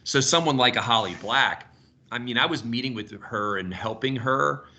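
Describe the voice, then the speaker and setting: A man in his fifties leading a sales team video call, telling stories in an animated way and swearing casually. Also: mid-range voice, moderate pace. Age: 50s.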